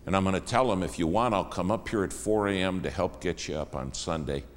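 A man's voice: sits low, brisk, big-room sound. A man preaching a sermon, telling a story with folksy humor. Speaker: pastor.

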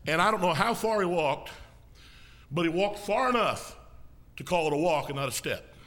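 A man preaching as an evangelist in a folksy style, now and then rising to a shout and coughing. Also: fairly high pitch, lively intonation, moderate pace. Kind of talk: sermon.

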